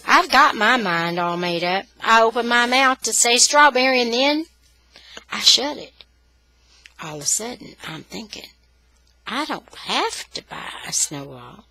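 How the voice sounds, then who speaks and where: A woman reading a children's novel aloud in an expressive storytelling style. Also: a little high, measured pace, vocal fry, poor audio. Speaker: storybook reader.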